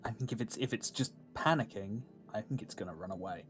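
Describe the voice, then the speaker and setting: A man's voice: on the low side, quick pace, a bit bright. A man playing in a tabletop game, hesitant and repeating words as he starts. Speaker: player. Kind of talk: casual chat at a tabletop game.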